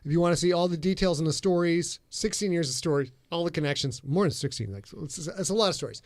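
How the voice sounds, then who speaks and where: A man's voice: a little high, fast, dry recording. A man co-hosting a podcast in casual chat, joking and rambling as he goes. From Sheboygan area, Wisconsin. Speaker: podcast co-host.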